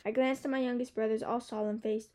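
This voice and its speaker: Female audiobook narrator, slightly high and soft-toned, steady and expressive first-person reading. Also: fast.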